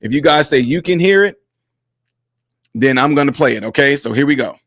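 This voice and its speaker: A man's voice: mid-range voice, animated, brisk, a bit bright, no room sound, studio quality. A man hosting a commentary vlog, combative and mocking, speaking straight to his viewers. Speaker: host.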